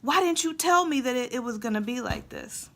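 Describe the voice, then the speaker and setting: A woman voicing her complaining teenage son, ranting in a raised, high voice. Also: lively intonation, a little fast, a bit bright, exaggerated voice. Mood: indignant. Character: whiny upset teenage boy, cold and hungry.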